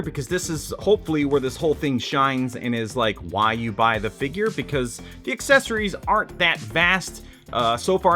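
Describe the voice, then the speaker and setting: A man's voice: mid-range voice, pushed and bright. A man casually reviewing an action figure, chatty and self-mocking, breaking into exclamations. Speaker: toy reviewer.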